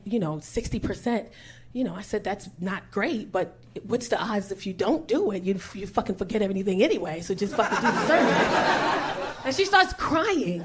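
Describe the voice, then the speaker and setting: A middle-aged woman performing a stand-up set with brash, profane, animated storytelling. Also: mid-range voice. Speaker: stand-up comedian. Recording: live room with noisy crowd.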